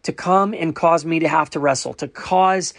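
A man's voice: on the high side, normal speed, gravelly, a bit bright, no room sound. A man who runs an online ministry, sharing a personal testimony in an earnest, storytelling way and often acting out other people's voices.

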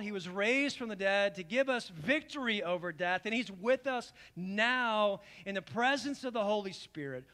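At a church service, a male pastor preaches a communion sermon to his congregation. He is earnest and pleading, swinging from emphatic calls to low, quiet invitations.

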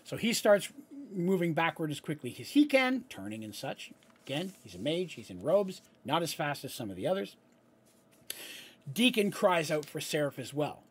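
Man, game master, husky voice, fairly high pitch, tabletop game narration, chatty explanatory asides. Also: sing-song, moderate pace. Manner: explanatory asides, frequent "right?".

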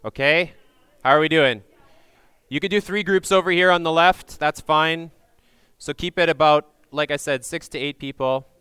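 A man leading a group through a Passover meal, giving loud instructions into a microphone and checking in with frequent "okay?"s. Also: on the high side, normal speed, smooth, dry recording. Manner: projects loudly into a microphone. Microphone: handheld or stand microphone.

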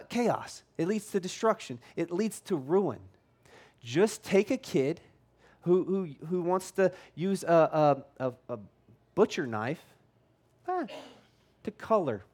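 A man preaching a sermon as pastor, in a conversational, animated way, acting out quoted voices. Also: high-pitched, slightly rough.

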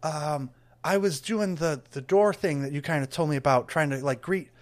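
A man doing a high, stammering nervous tavern boy. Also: moderate pace, natural voice. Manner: stammering, flustered, rambling. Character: small anxious young male tavern greeter.

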